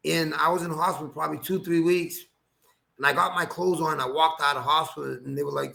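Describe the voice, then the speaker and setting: A man telling a personal story as an interview guest, animated, acting out quoted dialogue and laughing often. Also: fairly high pitch, fast, vocal fry. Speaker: guest, former boxer.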